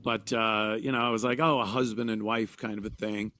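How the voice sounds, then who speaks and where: A man talking casually on a podcast, hesitant, pausing with fillers and trailing off. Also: fairly low pitch, little pitch movement, pushed and bright. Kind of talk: casual chat.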